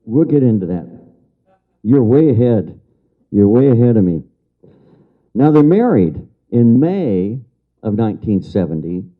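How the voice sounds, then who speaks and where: A man's voice: fairly low pitch, sing-song, measured pace, long pauses. An older man giving a lecture as a story to an audience, repeating key phrases for emphasis and answering remarks from the room. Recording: dull lo-fi lecture recording.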